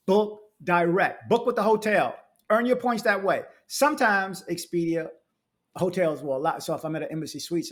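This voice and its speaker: A man's voice: a little high, lively intonation, moderate pace. A man, a travel vlogger reading reviews aloud and ranting in casual asides with frequent restarts.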